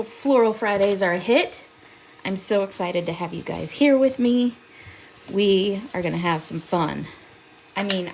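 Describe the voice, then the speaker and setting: A woman with a mid-range, creaky voice hosts a live crafting demo from her craft desk, with noise in the background. She's chatty and upbeat, talking with viewers and laughing often.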